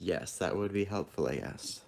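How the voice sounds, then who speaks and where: A man's voice: sits low, normal speed, vocal fry, darkish tone, slight background noise. A man co-hosting a live stream, chatting casually and making dry, teasing remarks. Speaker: stream co-host and moderator.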